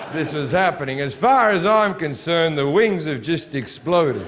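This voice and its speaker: High-voiced crude stand-up comic. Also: male voice, noisy background. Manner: crude, sardonic, acts out his story. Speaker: stand-up comedian. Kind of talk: stand-up storytelling.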